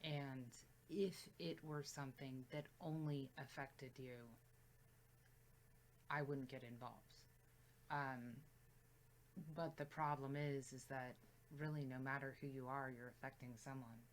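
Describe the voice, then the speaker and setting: A woman's voice: rumbling low, fairly even intonation, measured pace. A woman co-hosting a music reaction video in casual chat, thoughtful and reflective as she talks. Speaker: reaction channel co-host.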